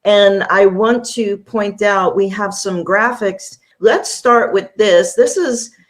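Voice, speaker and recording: A woman hosting a talk show, smoothly reading a formal guest introduction and leading the interview. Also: medium pitch, takes it slowly. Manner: polished, reads introductions smoothly.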